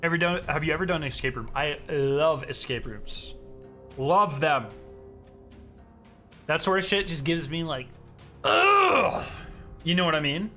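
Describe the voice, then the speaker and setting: A young man chatting casually on a gaming stream, ranting and swearing with animated energy. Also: fairly high pitch, moderate pace, long pauses, faint music behind.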